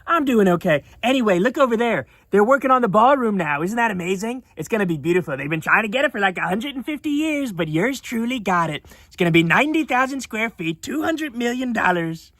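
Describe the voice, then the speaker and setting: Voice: medium pitch, lively intonation, fairly quick, hardly any pauses, fairly bright tone, dry recording. A streamer doing an impression of a boastful older male politician who brags smugly. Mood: bragging.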